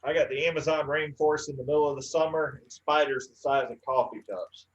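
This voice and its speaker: A man's voice: a little high, fairly even intonation, fairly quick, muffled recording. A man doing a stand-up comedy set, telling stories in a dry way with frequent "uh"s. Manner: dry storytelling with filler "uh"s.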